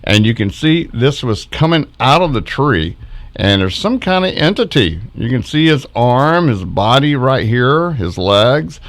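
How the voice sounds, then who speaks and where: A man's voice: medium pitch, big pitch swings, measured pace. A middle-aged man casually narrating his backyard footage as a ufology vlogger, chuckling often as he points out faces in orbs.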